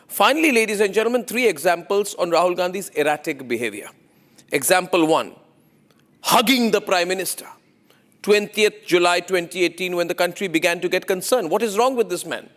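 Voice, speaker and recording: A man's voice: high-pitched, fairly bright tone. A male news anchor delivering an emphatic, opinionated monologue full of repetition and rhetorical questions.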